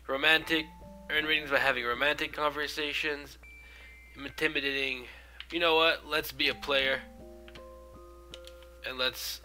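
Young man with a stuffy nose, rambling gameplay commentary, very bright voice, slightly high. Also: fairly even intonation, slow pace, pauses often, faint music behind. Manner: rambling, with many fillers and restarts. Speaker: gaming video host.

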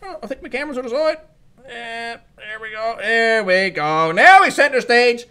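A YouTuber gives excitable, hyped-up commentary while opening trading card packs and calling out each card. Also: medium pitch, moderate pace, smooth. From Newfoundland, Canada. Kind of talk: casual pack-opening commentary.

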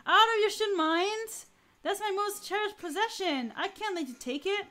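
A woman's voice: sits high, lively intonation, measured pace, a bit bright. A woman voicing a short-tempered middle-aged male rocket captain who barks and curses. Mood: angry shouting. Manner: barking, cursing, bossy.

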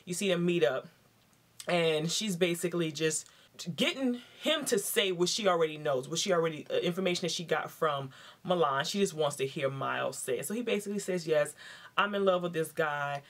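A woman giving a casual, slangy episode recap, animated and laughing as she acts out what people said. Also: lowish voice, brisk. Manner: chatty, acts out quotes in raised voices. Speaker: TV show reviewer.

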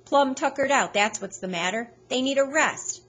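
A woman's voice: high voice, normal speed, a bit bright, voice pushed up. A woman voicing a plain-spoken frontier man who gives blunt, folksy advice.

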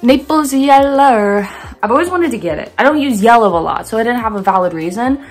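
A woman's voice: a little high, lively intonation, a little fast, soft background music. A young woman chatting playfully in her bedroom as she talks through a painting project, wandering off into rambling asides. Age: young adult. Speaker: art vlogger. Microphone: phone camera.

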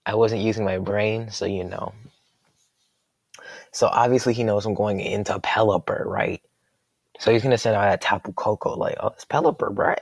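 A young man with a lowish, gravelly voice calls his own game in a loose, jokey commentary. He thinks out loud and reacts sharply to every move, and the recording is dry and close to the mic. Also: no room sound. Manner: excitable, jokey, thinks aloud. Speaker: gaming commentator.

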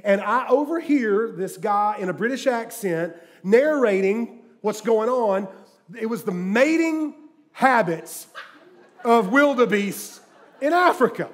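A middle-aged preacher with a high, bright voice works the room like a storyteller. He drops into hushed asides, then bursts out loud for the punchlines of his jokes. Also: expressive, takes it slowly. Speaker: guest preacher. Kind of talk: sermon. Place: church sanctuary with live audience.

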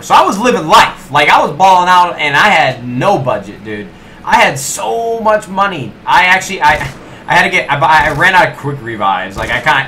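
Young man, gameplay commentary, lively swooping pitch, self-mocking, talks to viewers, steady noise behind. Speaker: gaming YouTuber.

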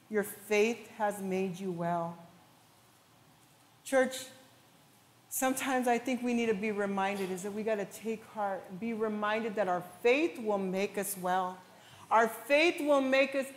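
A woman pastor preaching a sermon with passion, at times rising to shouts. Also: fairly high pitch. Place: large church hall. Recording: echoey church hall with long reverb.

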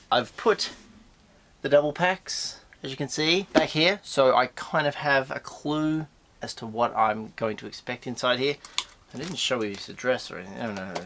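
An Australian man hosting a casual unboxing vlog, his voice nasal and stuffy from a flu, bursting into excited squeals. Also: slight background noise. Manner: excitable, with sudden high squeals of delight. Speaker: host of a toy unboxing channel.

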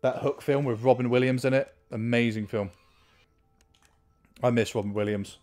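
A young man commentating on a horror game, excitable and chatty, muttering repeated counts under his breath between bursts of excitement. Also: mid-range voice, normal speed. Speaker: gameplay commentator.

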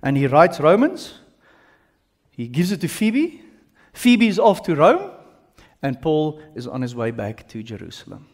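A man's voice: a little high, very animated, a little slow, long pauses, long reverb tail. A man preaching a sermon in a conversational way, full of joking asides. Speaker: pastor. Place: church.

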